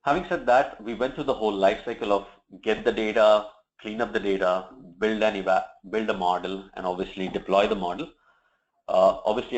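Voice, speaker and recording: A man presenting a software demo, walking through each step in a steady, explanatory way with occasional fillers. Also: sits low, lo-fi sound. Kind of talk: product demo walkthrough.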